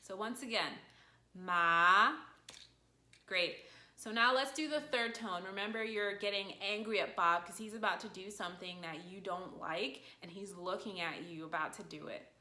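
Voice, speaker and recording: A woman teaching an online language lesson in a patient, encouraging way, explaining each point clearly. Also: mid-range voice, normal speed, pushed and bright. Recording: echoey room.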